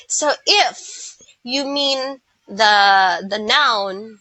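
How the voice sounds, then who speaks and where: A woman teaching English pronunciation, slowly modelling word stress and repeating example words. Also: a little high, bright, forceful tone, no room sound, dull audio. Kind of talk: online lesson.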